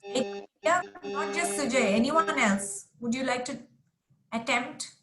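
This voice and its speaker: A woman's voice: sits high, animated, a little slow, over music. A woman teaching a class over a video call, patiently modelling sentences for her students. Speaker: English teacher. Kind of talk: online class instruction. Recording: roomy echoey sound.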